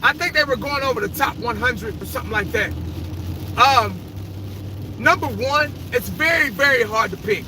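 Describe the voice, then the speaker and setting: A man's voice: extremely high pitch, animated, normal speed, background noise. A man giving his casual, opinionated take on football greats, swearing freely and rambling as he goes. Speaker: fan vlogger. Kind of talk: casual sports opinion rant.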